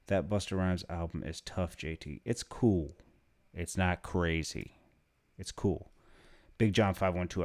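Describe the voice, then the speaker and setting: A tired young man hosts a casual live stream with a fairly low voice. He talks in a laid-back, mumbling way, reads viewer comments aloud and trails off as he goes. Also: a little mellow. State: tired, yawning. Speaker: livestream host.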